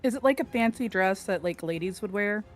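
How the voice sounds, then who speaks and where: A woman's voice: mid-range voice, lively intonation, brisk. Casual woman player with faint music. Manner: casual, hesitant, switching into her character's voice. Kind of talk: playing a tabletop role-playing game.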